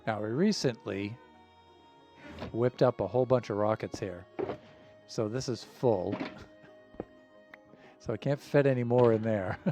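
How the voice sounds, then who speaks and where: A man streaming a game live, talking in an easygoing, rambling way with lots of fillers and soft chuckles. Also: fairly low pitch.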